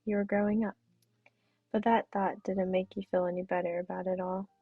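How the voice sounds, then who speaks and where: A woman streamer reading a visual novel's narration aloud in a steady voice, now and then correcting herself. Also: medium pitch, a little fast, breathy edge, no room sound. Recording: tinny phone-like mic, dry.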